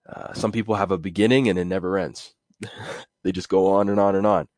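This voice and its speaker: A man's voice: low voice, fairly even intonation, brisk, a little mellow, dry recording, clean studio sound. A man hosting a casual solo podcast, rambling and correcting himself as he talks. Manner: rambling, self-correcting, with chuckles. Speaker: podcast host.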